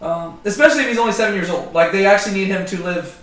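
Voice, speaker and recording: A man's voice: high voice, very fast, fairly bright tone. A man leading a casual group Bible study, joking and filling his talk with ums and likes. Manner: chatty, joking, many fillers. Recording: roomy, distant mic.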